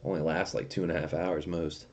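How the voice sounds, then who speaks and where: A man's voice: sits low, little pitch movement, brisk, noisy background. A young man casually chatting on a livestream, reading viewer comments aloud and telling profane stories with frequent laughter. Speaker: streamer.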